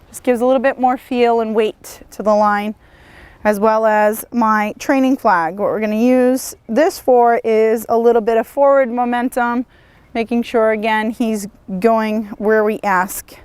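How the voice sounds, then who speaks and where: Woman horse trainer, mid-high voice, calm instructional delivery outdoors. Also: clean tone, dry recording. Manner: calm, encouraging, praises the horse often. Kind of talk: instructional demonstration.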